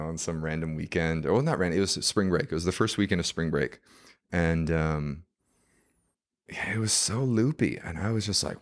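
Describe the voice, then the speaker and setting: A man, a podcast guest, telling a story casually and animatedly, full of fillers. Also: sits low.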